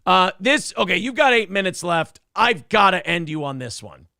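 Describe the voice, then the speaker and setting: A man hosts a morning talk show in loose, crude banter, his voice sitting a bit high with a gravelly, bright edge. He rambles and jokes freely. The sound is close and dry, with no room around it. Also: animated, normal speed, no echo. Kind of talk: casual comedic chat.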